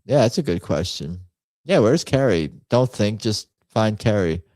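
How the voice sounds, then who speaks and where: Slow-talking man muttering on a stream. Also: on the low side, animated, a little mellow, dry recording. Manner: rambling, muttering to himself while typing. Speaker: host. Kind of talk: casual livestream chat.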